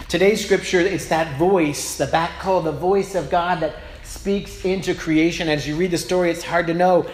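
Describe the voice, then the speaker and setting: A man's voice: fairly high pitch, normal speed. A man preaching a sermon as a pastor, telling stories in a personal, self-deprecating, conversational way, recorded in a church. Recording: roomy echo, faint background noise.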